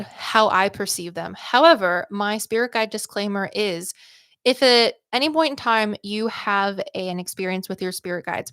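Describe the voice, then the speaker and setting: A woman's voice: medium pitch, fairly bright tone, dry recording, clean studio sound. Upbeat, chatty woman psychic host. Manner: chatty, rambling, full of "like" and "um". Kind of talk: livestream readings chat.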